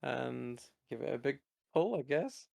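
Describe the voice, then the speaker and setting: A man's voice: medium pitch, expressive, a little slow, vocal fry, very noisy. A man playing a tabletop game, talking in a tentative, unsure way. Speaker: player. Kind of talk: casual tabletop play.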